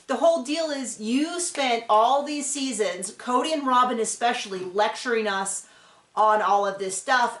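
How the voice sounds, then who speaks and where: A woman with a slightly high, somewhat bright voice hosts a casual reality-TV recap. Chatty and opinionated, she rambles and leans on fillers, and the recording carries room echo.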